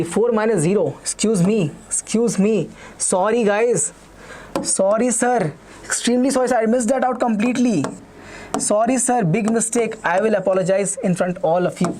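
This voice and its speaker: A young man with an Indian English accent teaching a live online maths revision class, talking quickly and repeating himself while reading out students' comments. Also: sits high, a little mellow, slight background noise. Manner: fast, repetitive, reads students' chat comments aloud.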